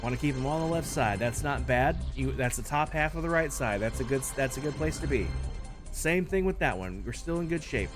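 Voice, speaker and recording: A man streaming live, playing host of a game-show game with playful, animated patter. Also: medium pitch, fairly quick. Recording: stream with music playing behind. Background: background music.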